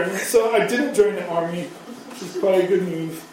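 A man in his thirties tells the story of his recovery, rambling, swearing, and poking fun at himself. His voice is high-pitched and animated at a normal pace, with a crowd audible behind him. It's personal storytelling, picked up from far away in a very echoey hall.

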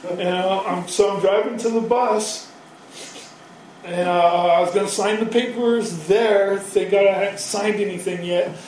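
A man in his thirties tells his story in a rambling, self-mocking way, swearing freely. His voice sits high for a man. It reaches the mic from a distance in a hall with heavy echo, with faint noise behind. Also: steady tone, a little slow, darkish tone. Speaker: speaker sharing his recovery story. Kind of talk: personal storytelling. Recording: very echoey hall, from far off.

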